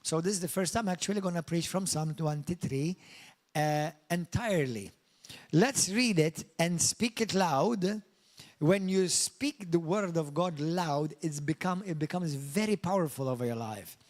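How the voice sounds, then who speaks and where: A man's voice: a little high, a little slow. A middle-aged man from Malta preaching a sermon and praying, fervent, often repeating praise words and leading his congregation in call-and-response. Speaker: pastor. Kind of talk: sermon with prayer.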